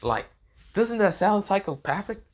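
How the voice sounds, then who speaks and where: A man's voice: high voice, sing-song, measured pace, voice pushed up, full character voice. A man voicing a foul-mouthed, wary young male ninja in a fan story, incredulous and swearing. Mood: angry. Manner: profane, incredulous.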